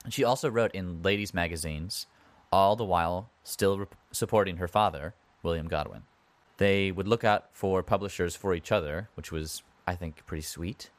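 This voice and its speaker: Recorded with no room sound, a man whose voice sits low speaks at normal speed while hosting a podcast. He walks through history in a relaxed style, full of wry remarks and chatty commentary.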